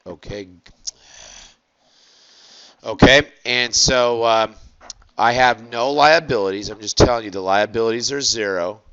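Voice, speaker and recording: A man teaching an accounting lecture, asking the class quick rhetorical questions and stretching out key words. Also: medium pitch, a bit bright, smooth, lo-fi sound.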